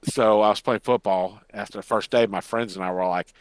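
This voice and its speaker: An older man chats loosely on a podcast, wandering through stories with jokey asides. His voice sits low and the sound is dry and close. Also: fairly even intonation, fairly quick, no room sound. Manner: rambling storyteller, jokey asides. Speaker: podcast co-host. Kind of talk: casual chat.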